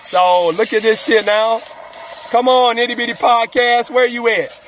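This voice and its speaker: A man's voice: very high voice, fairly even intonation, normal speed, fairly bright tone. A man hosting a podcast, rambling loosely with heavy swearing and frequent laughs, recorded on a phone. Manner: loose, heavily profane, laughing often. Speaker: podcast host. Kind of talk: profane rambling podcast monologue. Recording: phone recording with music behind. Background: music playing.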